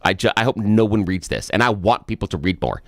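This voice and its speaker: A man with a lowish voice holds forth on a radio talk show. He speaks emphatically, exasperated and blunt. The sound is dry and close, with no room around it. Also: animated, a little fast, dry recording. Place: radio studio.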